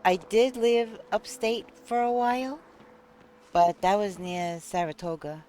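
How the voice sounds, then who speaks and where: A woman's voice: mid-range voice, fairly even intonation, a little slow, mellow, slight background noise. A woman from Long Island with a New York accent, chatting casually with viewers on a live stream and laughing often.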